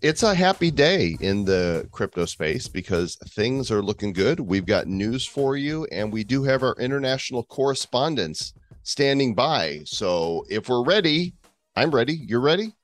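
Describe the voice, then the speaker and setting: A man co-hosting a casual crypto podcast, jokey and animated, reading out market prices. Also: medium pitch, measured pace, no echo. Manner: jokey, animated, fake Russian accent for a bit. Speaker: podcast co-host.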